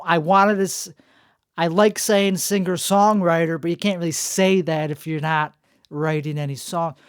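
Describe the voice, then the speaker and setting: A man's voice: high-pitched, clear, resonant tone, no room sound, clean studio sound. A man hosting a rambling solo podcast, talking through barely moving lips in a self-mocking way, his voice strained and worn. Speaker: podcast host. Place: indoor room.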